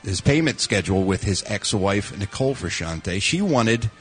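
Radio showbiz reporter, male, animated, jokey delivery, faint music bed. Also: lowish voice, normal speed. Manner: jokey, laughs through his stories. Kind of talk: casual radio banter.

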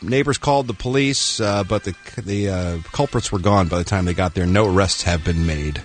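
A man's voice: deep voice, moderate pace, soft background music. A man delivering the entertainment news on a morning radio show, adding wry, joking asides. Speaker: showbiz reporter. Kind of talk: casual radio news segment.

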